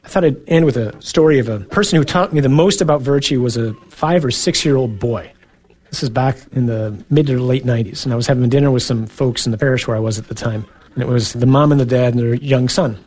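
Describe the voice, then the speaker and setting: A male priest giving a sermon in an earnest, conversational way, with soft asides. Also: mid-range voice, quick pace.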